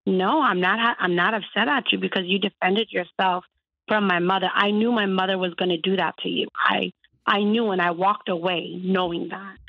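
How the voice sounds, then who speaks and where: A woman calling in to an advice show, talking hesitantly and haltingly about a painful family matter. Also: medium pitch, fairly even intonation, gravelly, no echo, dull audio. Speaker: caller. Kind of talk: call-in conversation.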